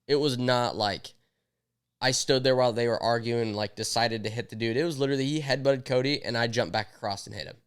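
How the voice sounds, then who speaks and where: A man's voice: mid-range voice, a little fast, smooth. A young man telling a story in casual podcast chat, acting out his own quotes. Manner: animated, acts out quotes. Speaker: podcast co-host.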